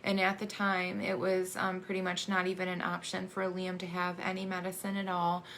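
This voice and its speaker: A woman in her thirties, an adoptive mother, tells her family's story in a halting, emotional way, with many fillers and restarts. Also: fairly low pitch, completely flat delivery, fairly bright tone, a little hiss or hum. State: emotional, choking up. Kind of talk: personal storytelling monologue.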